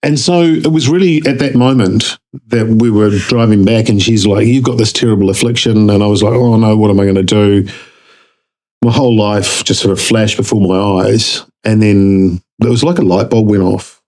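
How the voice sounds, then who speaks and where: Kiwi guy, lowish voice, animated storytelling, goes way up in pitch doing other people's lines. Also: moderate pace, poor audio. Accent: New Zealand. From New Zealand. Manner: animated, jumps up in pitch acting out dialogue. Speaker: guest. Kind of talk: casual storytelling.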